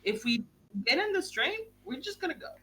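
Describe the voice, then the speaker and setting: A young woman hosting a book club stream in casual chat, talking in a quick, gushing way and swearing casually. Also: high voice, very animated, bright, forceful tone, a little hiss or hum.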